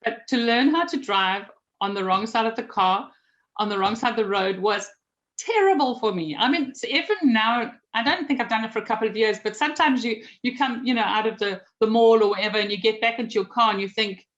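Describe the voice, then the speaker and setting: South African woman guest, higher voice, chatty and self-mocking, dull lo-fi recording. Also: fairly quick, fairly bright tone. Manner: chatty, self-deprecating, laughs while telling stories. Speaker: guest, magazine publisher. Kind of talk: casual interview storytelling.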